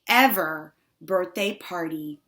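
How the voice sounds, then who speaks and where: A woman reading first-person audiobook narration with wry, deadpan asides. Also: fairly low pitch, takes it slowly.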